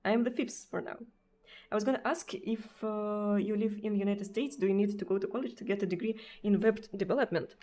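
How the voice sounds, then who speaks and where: A woman from Russia with a Russian accent, chatting casually on a live stream. She speaks haltingly, with many pauses and restarts, and laughs often. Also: medium pitch, steady tone, warm tone. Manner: laughs often between sentences.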